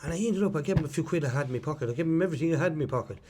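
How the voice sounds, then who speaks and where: A man's voice: on the high side, racing, a little mellow, breathy edge. A man with an Irish accent, giving an earnest, rambling personal testimony and repeating himself as he tells stories. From Ireland. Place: outdoors at a pilgrimage site.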